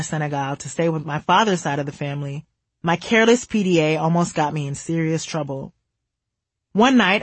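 A woman's voice: deep voice, husky, no room sound. A woman from the United States, narrating her own memoir in a candid, wry way.

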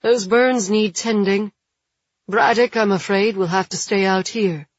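A woman narrating an audiobook, voicing a stern older caretaker who talks gravely and bluntly, with a husky tone. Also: mid-range voice, a little slow, no room sound, muffled recording, natural voice.

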